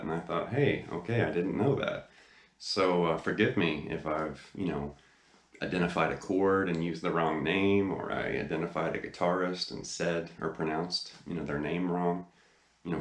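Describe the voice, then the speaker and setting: A man with an extremely low voice talks casually into a camera from his chair, hosting a guitar lesson. He rambles with excitement, full of "you know" and "uh". The room gives his voice a noticeable echo. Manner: enthusiastic, rambling with many fillers. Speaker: guitar teacher, channel host. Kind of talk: casual video lesson talk. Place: indoor room, seated facing camera.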